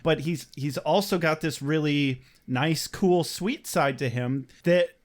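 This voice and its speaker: Male co-host, slightly high voice, relaxed and joking, easygoing chat. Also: takes it slowly. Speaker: podcast co-host. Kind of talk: casual chat.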